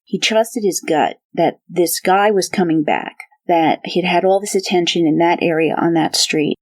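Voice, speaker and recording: A woman's voice: lowish voice, moderate pace, no echo. A woman co-hosting a true crime podcast, explaining a case and urging listeners to trust their instincts. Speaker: podcast co-host. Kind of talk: true crime book discussion.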